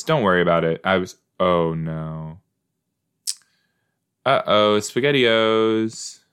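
A man's voice: low-pitched, fairly bright tone, clear, resonant tone. A man hosting a podcast, giving casual, playful reaction commentary while watching a show and laughing easily. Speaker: podcast host.

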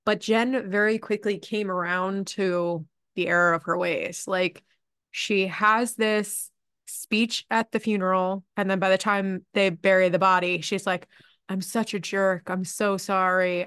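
A woman co-hosting a podcast in casual chat, giggly and animated. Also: mid-range voice, moderate pace, smooth, dry recording, clean studio sound. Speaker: podcast co-host.

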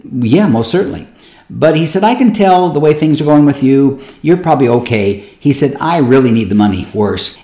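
Man preaching, story-telling pastor, echoey room. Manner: conversational, acts out quoted voices with lively pitch jumps. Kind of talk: sermon storytelling.

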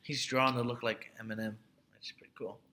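A man's voice: mid-range voice, flat delivery, a little fast, bright, forceful tone. A man co-hosting a podcast in casual chat, rambling with hesitations and blunt opinions. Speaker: podcast co-host.

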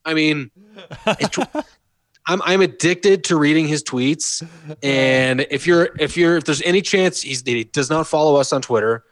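A man's voice: a little high, unhurried, no room sound. A man hosting a casual sports podcast, amused and laughing as he talks. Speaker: podcast host.

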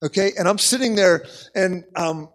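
Animated high-voiced male preacher. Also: moderate pace. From United States. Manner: animated, repeats words, frequent "okay?". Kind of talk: sermon storytelling.

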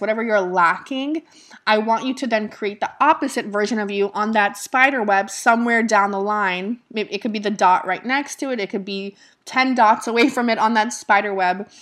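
A young woman with a somewhat high voice coaches her followers on manifestation in a casual motivational talk. She is blunt and cocky, and she swears freely as she drives her points home. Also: fairly bright tone.

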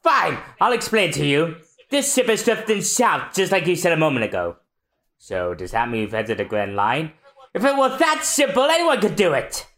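Bossy young seafaring navigator, voiced by a podcast co-host, loud and exasperated, with a pitch that swings wide. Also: sing-song, normal speed. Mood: explaining. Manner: shouting orders, exasperated. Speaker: podcast co-host reading manga aloud.

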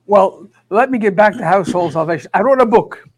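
Minister in his sixties, high-pitched, animated storyteller who acts out every exchange. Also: fairly quick. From Scotland. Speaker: minister and author. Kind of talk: storytelling testimony. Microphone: studio microphone.

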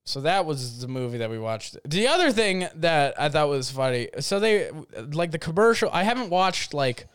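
Young male vlogger, slightly higher voice, smooth and clean; rambling, jokey storyteller. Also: sing-song, normal speed, few pauses, dry recording, studio quality. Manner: rambling, filler-heavy, jokey. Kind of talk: casual storytelling rant.

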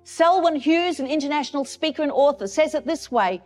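High pitched woman preacher, earnest and emphatic, repeats herself for effect, soft music behind. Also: lively intonation, brisk. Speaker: pastor. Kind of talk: sermon.

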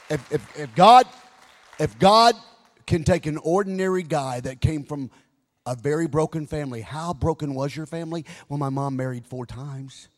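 A middle-aged man preaching a sermon as pastor, stammering into repeats and building to near-shouting fervor. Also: medium pitch. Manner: repeats words when wound up, rises to near-shouting fervor. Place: large church. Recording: live sermon in reverberant hall with music.

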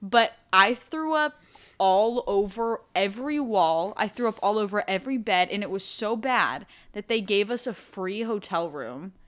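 A woman's voice: medium pitch, expressive, a little slow. A young woman co-hosting a podcast, telling stories in a rambling, casual way full of fillers. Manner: rambling storyteller with many fillers. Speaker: podcast co-host. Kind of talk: casual chat.

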